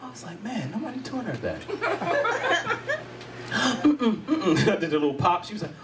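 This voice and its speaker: There's heavy background noise and the mic sits far from this high-pitched, moderately paced speaker. A middle-aged stand-up from the United States, he works the crowd on stage with animated energy, frequent laughter, and impressions of others.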